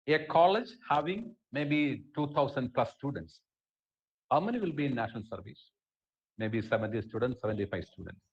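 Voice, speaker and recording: A middle-aged man with an Indian English accent lectures over a webinar, hammering points home by repeating them. His pitch swings widely and his voice has a husky edge. The sound is dull and lo-fi, like a video call. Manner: emphatic, repeats key phrases. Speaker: webinar speaker. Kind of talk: lecture on education policy.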